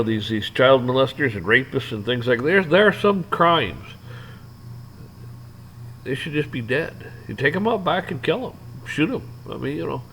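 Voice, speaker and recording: A man's voice: medium pitch, a bit bright, a little hiss or hum, poor audio. A man ranting off the cuff, rambling and swearing, with lots of restarts and fillers. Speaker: vlogger ranting to camera. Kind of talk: off-the-cuff rant.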